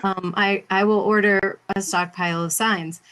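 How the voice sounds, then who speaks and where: A woman's voice: mid-range voice, moderate pace, clean tone. A woman panelist speaking frankly and telling stories in a casual video-call panel discussion. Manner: frank, animated storytelling.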